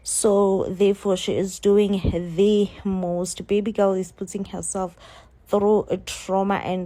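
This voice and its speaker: A woman giving a chatty, expressive recap of a TV episode, repeating phrases for emphasis. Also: medium pitch. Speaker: TV show reviewer.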